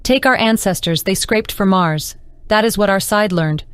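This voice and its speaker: A woman's voice: medium pitch, normal speed, clear, resonant tone, dry recording, lightly acted. A woman reading the part of a stern, domineering woman interrogator in an audiobook, in a cold, mocking manner.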